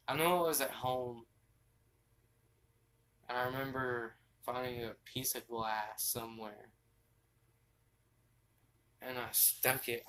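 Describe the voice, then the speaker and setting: A young man telling a personal story from his bed, halting and restarting often as he talks. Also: mid-range voice, bright, forceful tone, poor audio. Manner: halting, with frequent restarts and fillers. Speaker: vlogger. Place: bedroom, sitting on his bed.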